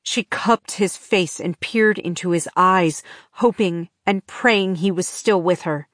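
A woman narrating an audiobook in measured, even storytelling on a close microphone. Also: on the low side, no echo. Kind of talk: scripted narration.

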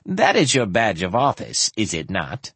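A man's voice: on the low side, huge pitch swings, a little slow, a bit bright, husky, dry recording, full character voice. A man voicing a spoiled young prince regent with a whining voice.

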